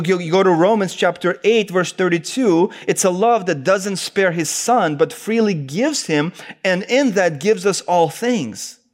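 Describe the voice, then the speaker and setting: A man preaching an expository sermon, citing scripture references in an earnest, emphatic cadence. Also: a little high.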